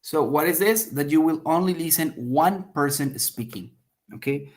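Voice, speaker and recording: A man's voice: a little high, normal speed. Man teaching test prep, many "okay?" checks. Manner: explains step by step, checks in with frequent "okay?"; acts out example lines with sharp emphasis. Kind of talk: online class lecture.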